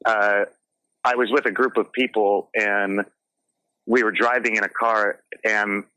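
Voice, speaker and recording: Guy guest on a talk show, bright and punchy voice, really passionate, dry close mic. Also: lowish voice, level tone, measured pace, dry recording, low-quality recording. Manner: earnest, passionate storytelling. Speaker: guest, realtor. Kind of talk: casual interview talk.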